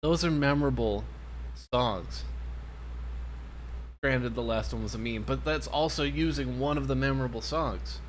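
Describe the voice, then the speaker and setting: A man's voice: medium pitch, normal speed, a little hiss or hum. A young man from Maine giving a sarcastic, casual review of a TV episode over its footage. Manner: sarcastic, mocking. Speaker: TV show reviewer.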